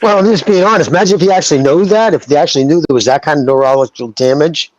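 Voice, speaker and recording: A man's voice: fairly high pitch, very fast, darkish tone, highs cut off. A man on a podcast chatting casually in a blunt, joking way. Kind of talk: casual chat.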